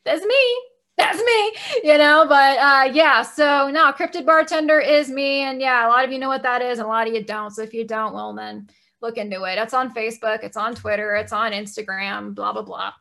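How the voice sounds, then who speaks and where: A woman's voice: a little high, steady tone, brisk, creaky, bright, forceful tone. A woman co-hosting a podcast in casual chat, talking bluntly and emphatically, with plenty of swearing. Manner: blunt, profane, emphatic ranting. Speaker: podcast co-host.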